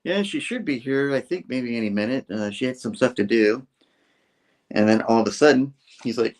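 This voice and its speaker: His medium-pitched voice is a little mellow and moves at normal speed as he chats casually, recounting a comic book scene by scene. He acts out the characters' dialogue in loose voices.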